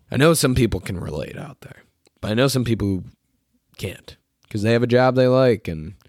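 Hoarse young man in a profane rant. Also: medium pitch, no room sound, studio quality. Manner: profane, frustrated ranting, mocking others in put-on voices. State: sick and tired, hoarse. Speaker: solo podcast host. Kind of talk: ranting solo podcast monologue. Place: his bedroom.

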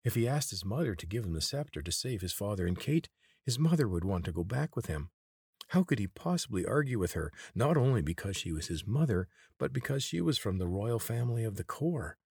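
Man narrating a storybook, low voice, husky, dry close recording. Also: big pitch swings, brisk, darkish tone, no room sound. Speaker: audiobook reader.

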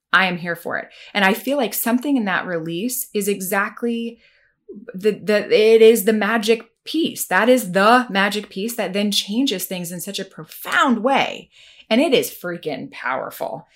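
A woman's voice: medium pitch, lively intonation, normal speed, a bit bright. A woman hosting a conversation, speaking with enthusiasm and strong emphasis, often restarting her sentences. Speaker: host. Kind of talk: casual podcast chat.

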